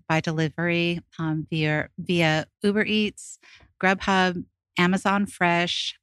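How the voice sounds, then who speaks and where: A woman speaks in a fairly low voice, answering questions as a guest on a radio show. She explains things in a friendly, patient way, with the odd "um". The sound is close and dry. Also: clear, resonant tone, dry recording. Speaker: guest, pie shop owner. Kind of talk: radio interview.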